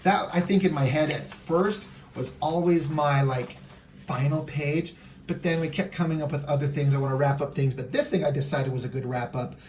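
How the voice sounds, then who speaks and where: A man retells his own comic page by page in a chatty podcast conversation. His voice sits a bit high. He talks in a lively, casual way. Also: normal speed, distant mic, a little hiss or hum. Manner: animated storyteller. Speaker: comic artist and writer.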